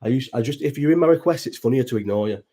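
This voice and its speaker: Racing along in a dark, slightly rough, medium-pitched voice with lively intonation, a Bolton man in his thirties hosts a watch-along stream. In his Northern English Bolton accent he rambles casually, swears freely and answers the chat.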